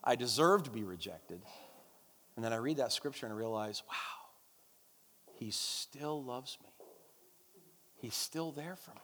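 A man's voice: mid-range voice, lively intonation, unhurried, long pauses, bright, forceful tone, a little hiss or hum. A man preaching a sermon and leading prayer in a church, emphatic and repetitive, calling out to the congregation. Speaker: pastor. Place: church service. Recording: long church hall reverb.

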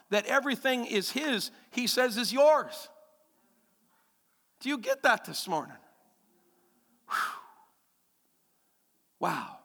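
A male pastor delivers a lively sermon with a bright, high voice. He repeats key phrases and keeps checking in with the congregation. His words echo through a reverberant church hall. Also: creaky. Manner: animated, emphatic, repeats key phrases, asks the congregation questions.

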